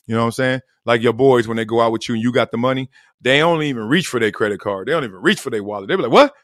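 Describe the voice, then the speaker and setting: A middle-aged man hosting a solo podcast, talking in slang, laughing often and acting out quotes with sudden loud bursts. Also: racing, no room sound, studio quality. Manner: animated, acts out quotes with big jumps in pitch and loudness. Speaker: podcast host. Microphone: close studio mic.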